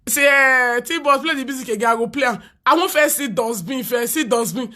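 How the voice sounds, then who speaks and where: A woman speaking Nigerian Pidgin English, mocking and taunting in a loud, laughing, sing-song rant. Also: high-pitched, brisk, hardly any pauses. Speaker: social media commentator. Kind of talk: mocking live-stream rant.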